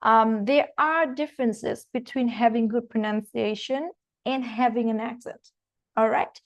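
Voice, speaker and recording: A woman's voice: on the high side, steady tone, unhurried, dry recording. A woman with a non-native English accent teaching an exam-prep masterclass, explaining step by step and checking in with "okay?". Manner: explanatory, frequent "okay?" check-ins and fillers. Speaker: IELTS teacher. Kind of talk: online masterclass lecture. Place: recorded online class.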